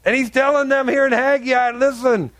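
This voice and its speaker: A man's voice: very high-pitched, fairly even intonation, normal speed, a bit bright, dry recording. A male pastor preaching an emphatic sermon, acting out voices in his examples. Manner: emphatic preaching with acted-out dialogue.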